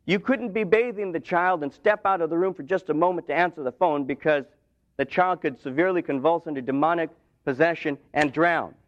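A man preaching a sermon in a church, retelling scripture with dramatic rises and drops in intensity. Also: a little high. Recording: dull lo-fi sound.

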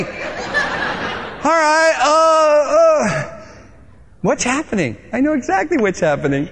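A male pastor preaching a sermon, animated, acting out little dialogues with shouts and laughter. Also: very high-pitched, normal speed, in a large hall, a little hiss or hum.

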